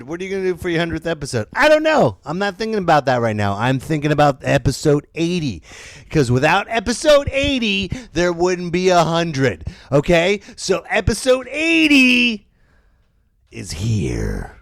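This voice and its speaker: A man's voice: fairly high pitch, huge pitch swings, moderate pace, gravelly, fairly bright tone, dry recording, clean studio sound. A man hosting a solo comedy podcast, goofy and playful, talking straight to his listeners. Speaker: podcast host.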